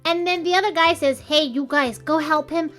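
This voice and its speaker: A woman co-hosting a casual movie chat, retelling scenes in an animated, swearing rant. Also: high-pitched, moderate pace, very noisy. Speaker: podcast co-host.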